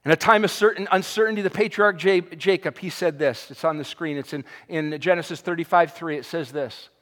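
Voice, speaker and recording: A male pastor preaching a sermon with passion, swinging between loud cries and hushed, quiet passages. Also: a little high, brisk. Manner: impassioned, swings from shouting to hushed. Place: church sanctuary. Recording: long hall reverb.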